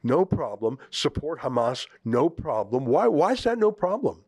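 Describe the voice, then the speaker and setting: A man with a medium-pitched voice, recorded with no room sound, hosts an opinion commentary show. He speaks emphatically and fires off sarcastic rhetorical questions.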